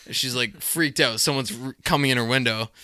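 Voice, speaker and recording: A man with a very bright, smooth voice talks through favorite film scenes in loose podcast chat. He rambles a little, filling gaps with likes and ums, and the sound is close and dry. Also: mid-range voice, fairly quick, no room sound. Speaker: podcast co-host. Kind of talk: casual film discussion.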